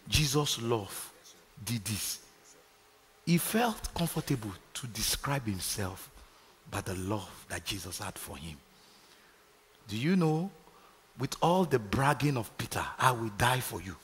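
A man's voice: medium pitch, fairly bright tone, long reverb tail, slight background noise. A Nigerian man preaching a sermon, calling out to his congregation for responses. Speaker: pastor. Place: large church hall.

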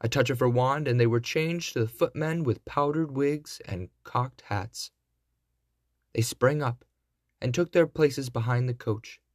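A man reading a classic fairy tale aloud, in a deliberate storybook narration. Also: mid-range voice, no echo, studio quality.

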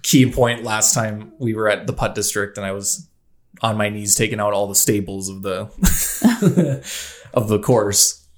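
Man, lowish voice, casual podcast talk, hesitant, rambling. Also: little pitch movement, unhurried. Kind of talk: casual chat.

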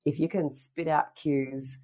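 A woman's voice: sits low, fairly even intonation, slow, dark tone. A middle-aged woman, a fitness instructor and presenter, chatting in an interview and telling stories in a rambling way with many fillers and restarts. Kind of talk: casual interview chat.

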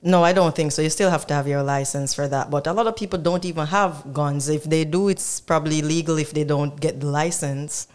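A Jamaican woman speaks in a low, smooth, clear voice. She is a guest in a casual interview and explains things in a relaxed way, laughing easily. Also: a little fast, few pauses. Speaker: guest artist.

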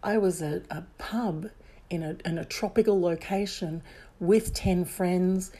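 A woman with a slightly low, mellow voice and a soft husky edge tells a personal story to camera. She talks candidly and with emphasis, looping back and restarting sentences as the thoughts come. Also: steady tone, a little slow.

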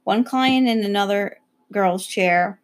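A young woman casually telling a story about her work, animated, acting out other people's voices and swearing freely. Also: mid-range voice, slow pace.

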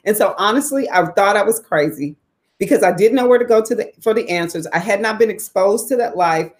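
A woman in her forties from the South, telling her personal story in a candid, expressive way, swearing freely and letting her voice climb high for emphasis. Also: fairly quick. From Southern United States. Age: 40s.

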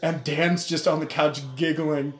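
A man with a fairly high voice tells a crude, joking story in casual podcast chat. His voice bounces around an echoey room. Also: flat delivery, unhurried, soft background music. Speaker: podcast co-host.

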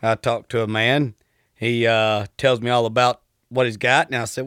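Man, 30s, Southern accent, relaxed, polite, storytelling guest, dry close sound. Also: medium pitch, fairly quick, no echo. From Texas. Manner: drawling, easygoing, polite. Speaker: podcast guest. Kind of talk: casual storytelling.

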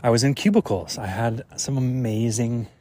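A man hosts a podcast on his own, recorded outside as he walks. His voice is medium-pitched and dark in tone, at a normal speed with no room sound, and he muses aloud in a reflective monologue packed with fillers.

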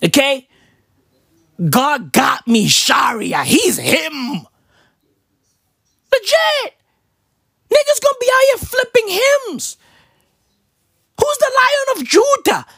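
A woman delivering a profane comedic rant, firing off rapid rhetorical questions and swinging between low mutters and high squeals. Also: huge pitch swings, creaky, a bit bright, no echo, studio quality.

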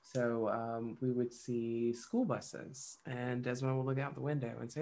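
A woman's voice: rumbling low, flat delivery, a little slow, dark tone. A woman in her thirties telling funny stories about her kids in a casual podcast chat, swearing freely and acting out quoted voices. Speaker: podcast co-host.

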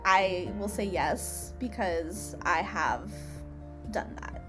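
A woman's voice: fairly low pitch, takes it slowly, over music. A young woman guesting on a podcast, chatting playfully with nervous laughter. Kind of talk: casual chat.

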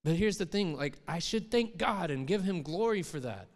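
A man's voice: fairly high pitch, animated, moderate pace. A middle-aged man preaching a sermon as pastor, in a conversational manner that rises into emphatic quoted voices. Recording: long hall reverb.

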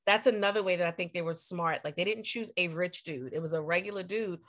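A woman co-hosting a casual chat, animated and acting out quotes in lively voices. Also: fairly low pitch, brisk. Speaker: podcast co-host.

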